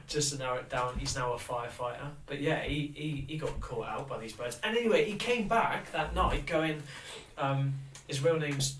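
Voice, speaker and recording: A man's voice: mid-range voice, moderate pace, few pauses, fairly bright tone. A man co-hosting a podcast, telling a rambling story in casual chat, swearing and laughing often. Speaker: podcast co-host. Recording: roomy, distant from the mic, faint noise.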